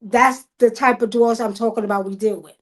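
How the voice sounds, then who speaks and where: A woman, telling stories casually on a video call livestream, animated, loudly acting out the quotes. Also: a little high, brisk. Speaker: guest.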